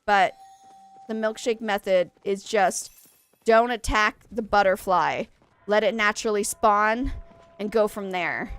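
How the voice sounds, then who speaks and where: A woman's voice: mid-range voice, a little slow, fairly bright tone, clean tone, dry recording, faint music behind. A young woman live-streaming a game, chatting with viewers in a rambling way and correcting herself often, with a stuffy nose. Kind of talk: casual live-stream chat.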